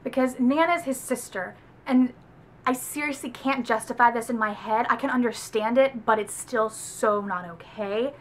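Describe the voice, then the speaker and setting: A woman's voice: fairly high pitch, moderate pace, slight background noise. A woman from the American South giving a casual, chatty book review vlog, with lots of "like" fillers. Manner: chatty, animated, heavy use of "like".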